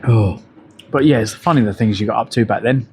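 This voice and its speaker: A man's voice: lowish voice, brisk, darkish tone, slight background noise. A middle-aged man, telling rambling, profane stories to his live-stream chat while out on a bike ride. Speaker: livestreamer.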